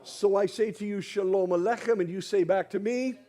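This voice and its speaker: A man's voice: high voice, fairly even intonation, normal speed, few pauses, warm tone. A man speaking at a church dinner, teaching the audience in a friendly way and coaxing them to repeat after him. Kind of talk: sermon-style teaching. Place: hall with an audience.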